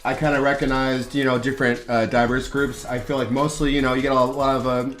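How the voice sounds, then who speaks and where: A man hosting a casual interview, talking in halting, rambling sentences full of fillers and restarts. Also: mid-range voice, flat delivery, a bit bright, faint music behind. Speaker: host of a hot wings interview parody.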